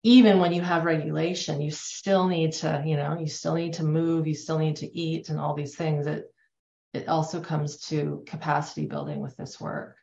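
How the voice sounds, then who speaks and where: A woman leading a group talk, speaking slowly and in a measured way. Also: low-pitched, level tone, creaky, a little mellow. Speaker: group facilitator. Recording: echoey, dull remote audio.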